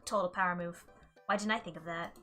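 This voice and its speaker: A woman's voice: fairly low pitch, fairly even intonation, a little fast, fairly bright tone, faint music behind. A young woman streamer playing a dating game, reading it aloud and joking along the way. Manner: playful and joking. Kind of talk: casual game reading and commentary.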